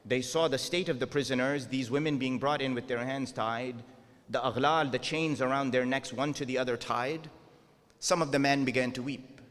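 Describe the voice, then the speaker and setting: A man's voice: mid-range voice, fairly bright tone. A man gives an earnest sermon in a middle register and keeps turning questions back on his listeners. His voice rings out with a long reverb, as if it were recorded in a large hall. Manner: earnest, rhetorical questions to the audience. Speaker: preacher.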